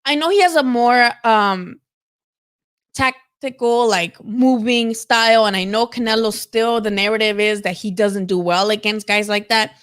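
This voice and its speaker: Woman, high voice, casual boxing commentary, lots of fillers, swears. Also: unhurried, clean tone. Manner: animated, swears freely, many fillers. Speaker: boxing show host. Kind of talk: casual live-stream commentary.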